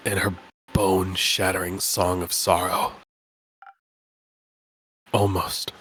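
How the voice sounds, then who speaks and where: A man putting on a gruff, curt tavern stranger. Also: monotone, takes it slowly, a bit bright, a little hiss or hum. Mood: brooding. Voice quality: low, rough voice. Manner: curt, mumbled answers. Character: gruff, weary male tavern customer, terse.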